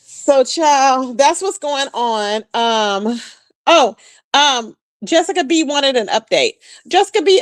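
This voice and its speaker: Chatty woman streamer, higher voice, dry sound. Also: dry recording. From Texas. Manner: chatty and animated, addresses viewers as "child" and "boo", frequent laughter. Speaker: livestream host chatting with viewers. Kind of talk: casual livestream gossip chat.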